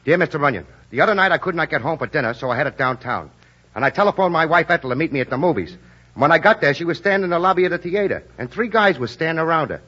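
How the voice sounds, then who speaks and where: An actor playing an easygoing Brooklyn husband in a 1940s radio comedy, with a husky, slangy delivery, on a lo-fi old broadcast. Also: male voice, a little high, bright, forceful tone, heavily acted. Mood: narrating letter.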